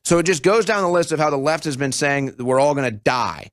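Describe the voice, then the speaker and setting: A man's voice: on the high side, brisk, no room sound, studio quality. A man in his thirties hosting a political talk show, commenting with sarcasm and mocking impressions. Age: 30s. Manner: sarcastic, mocking, animated mimicry. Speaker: show host.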